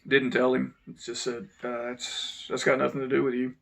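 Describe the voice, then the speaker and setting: A man, telling a personal story to his channel's viewers in an unhurried, reflective way that sometimes drops to a low mutter. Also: monotone, vocal fry. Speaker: channel host. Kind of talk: casual storytelling monologue.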